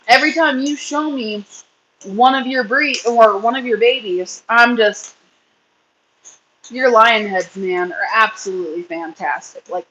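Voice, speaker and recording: A woman's voice: mid-range voice, a bit bright, slight background noise, low-quality recording. A woman in her thirties hosting a casual livestream chat, rambling and reading comments while feeding her kids. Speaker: livestream host and rabbit breeder.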